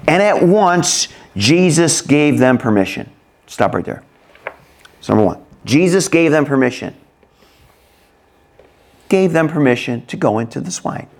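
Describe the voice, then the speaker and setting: A man's voice: a little high, animated, measured pace, long pauses. A man preaching a sermon, reading scripture aloud and explaining it, asking the congregation questions. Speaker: pastor.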